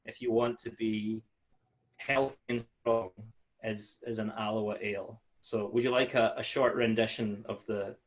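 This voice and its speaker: Man, low voice, friendly chatty webinar talk, video call, frequent fillers. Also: fairly even intonation, a little slow. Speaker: malt sales manager giving a webinar. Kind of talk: casual webinar presentation.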